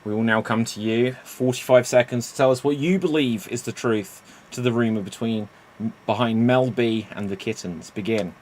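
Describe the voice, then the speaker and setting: A man's voice: mid-range voice, moderate pace, a little mellow. Rambling, playful male improv host. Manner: rambling, self-correcting, playful. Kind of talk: hosting a live-streamed improv game.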